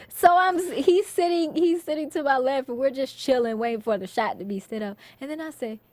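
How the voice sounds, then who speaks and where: A woman, an actress, being interviewed and telling lively stories about her work, laughing often and acting out quotes. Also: high voice, a little fast, no room sound. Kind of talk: casual interview storytelling.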